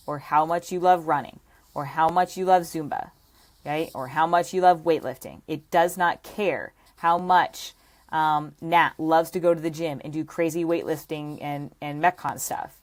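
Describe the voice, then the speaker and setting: A woman fitness coach teaching to camera, pressing her points hard and checking in with "okay?" and "right?" after nearly every idea. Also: low voice. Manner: emphatic, repeats points with frequent "okay?" and "right?".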